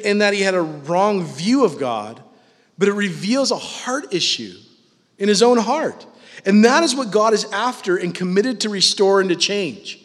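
A man preaching a sermon as pastor, animated and casual, acting out the voices he quotes. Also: high-pitched. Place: church hall with live audience. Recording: long hall reverb.

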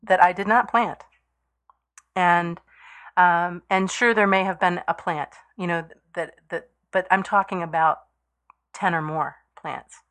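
A woman in a casual conversation, telling a personal story haltingly with many pauses and fillers and laughing easily. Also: on the low side, steady tone, fairly bright tone. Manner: hesitant, with many fillers and restarts, quick to laugh.

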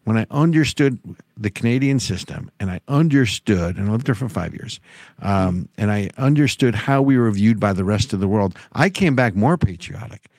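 A man's voice: fairly low pitch, lively intonation, normal speed, a little mellow, dry recording, studio quality. A man co-hosting a casual political talk show, wry and sarcastic, rambling with restarts. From United States. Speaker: podcast co-host.

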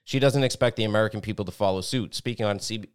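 Smooth-voiced man reading news bluntly. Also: lowish voice, fast talker. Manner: blunt, profane asides between read passages; stumbles and restarts words while reading. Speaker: podcast co-host. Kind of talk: reading news articles with commentary.

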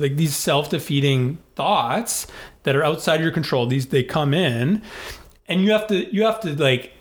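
A man's voice: on the high side, moderate pace. A man telling a personal story in a casual chat, rambling with many fillers and restarts.

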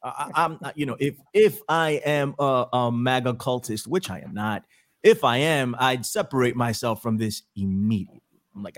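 Middle-aged male podcast host; loose, wry, rambling delivery at a mid pitch. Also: moderate pace. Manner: rambling, restarts, wry asides. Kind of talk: casual political podcast chat.

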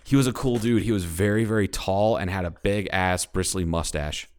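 This podcast co-host from Ohio has a deep, smooth voice and talks at normal speed as he tells a long anecdote full of cursing in a casual storytelling chat. He often backtracks and restarts, then presses on with animated, blunt emphasis.

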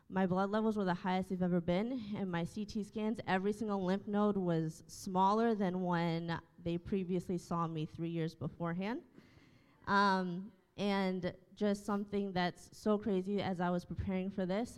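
A woman's voice: fairly low pitch, a little mellow, clean tone, long reverb tail. A woman in her thirties, a church staff member, telling her testimony in an interview with earnest storytelling and many fillers. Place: church room.

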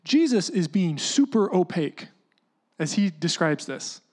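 A preacher giving a conversational sermon, explaining scripture in a loose, chatty way full of "like" and "you know", sometimes dropping to a hush. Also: medium pitch, measured pace. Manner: casual, animated teaching with lots of "like" and "you know"; often drops into a hushed voice to act out quotes.

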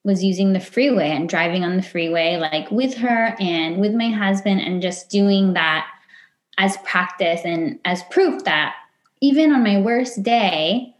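A woman speaking as a podcast guest, at a middle pitch, recounting a personal story with lively acted-out quotes. The sound is roomy with a clear echo around her voice. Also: measured pace. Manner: animated, acts out her past self and others in quotes.

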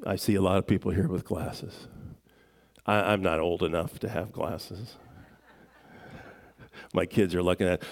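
A middle-aged man preaching a sermon in a relaxed, conversational way, with self-deprecating jokes and frequent fillers. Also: deep voice, unhurried, long pauses. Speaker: pastor.

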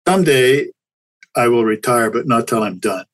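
A man's voice: mid-range voice, expressive, normal speed, a bit bright, rough recording. An older man, a chiropractor guest, talking candidly and reflectively in a casual interview, often restarting his sentences. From Canada.

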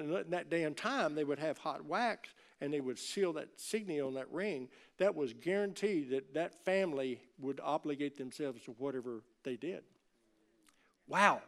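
Guy preaching in church, kinda high voice, gets loud then drops real soft, chatty with the crowd. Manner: animated preaching, swinging from loud emphatic highs to soft low asides; conversational, joking with the congregation. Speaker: pastor. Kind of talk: sermon.

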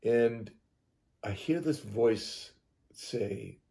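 Man, gravelly voice, dark mellow tone, rambling storyteller, restarts his words. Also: mid-range voice, drawn-out words. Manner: repeats and restarts words, acts out his own reactions. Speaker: hypnotherapist telling his experience. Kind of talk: rambling first-person storytelling.

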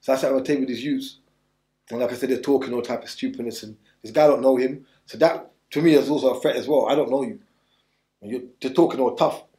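A man's voice: medium pitch, fast talker, mellow, echoey room. A man telling his story bluntly in street slang during an interview, rambling and restarting as he goes. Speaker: interview guest.

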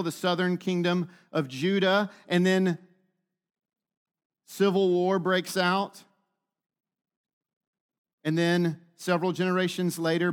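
A man preaching a sermon, teaching with frequent rhetorical questions to the room. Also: fairly high pitch. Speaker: pastor.

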